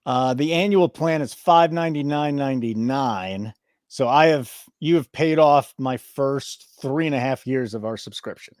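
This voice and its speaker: A man's voice: mid-range voice, normal speed, a little mellow, no room sound, studio quality. A man hosting a sports betting show, joking and mock-indignant in casual banter.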